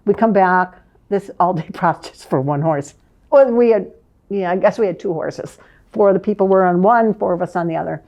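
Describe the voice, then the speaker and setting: An older woman, a former advertising manager, reminiscing in a lively storytelling way and laughing often. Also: lowish voice, normal speed. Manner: lively, laughs often, vivid scene-setting.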